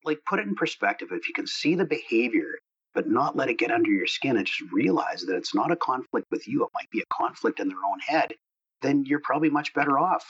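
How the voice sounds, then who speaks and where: Husky-voiced man co-hosting a podcast. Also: mid-range voice, very animated, a little fast, fairly bright tone, lo-fi sound. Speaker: co-host. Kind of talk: casual podcast discussion.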